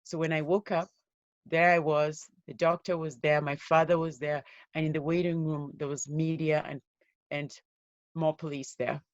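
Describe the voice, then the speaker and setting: A woman giving an interview as a guest, telling her own life story in an earnest, steady way. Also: sits low, moderate pace, no echo, muffled recording. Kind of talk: personal story told in an interview.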